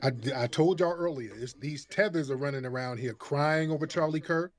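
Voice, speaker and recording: A man's voice: a little high, normal speed. Combative man hosting a call-in show. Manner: combative, mocking, talks over the caller. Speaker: host. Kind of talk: heated call-in debate.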